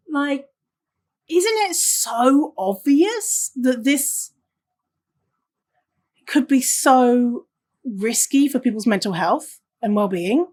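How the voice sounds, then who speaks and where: A woman's voice: sits high, lively intonation, slow, pauses often, darkish tone. A woman hosting a solo podcast, talking casually and reading listener stories aloud. She swears freely and laughs often. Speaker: podcast host.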